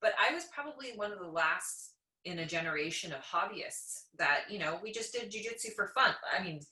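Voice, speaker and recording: A Canadian woman in her thirties, a podcast guest, telling lively stories in casual conversation and laughing often. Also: mid-range voice, brisk. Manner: animated storyteller, laughs often. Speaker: podcast guest, jiu-jitsu black belt. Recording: echoey room.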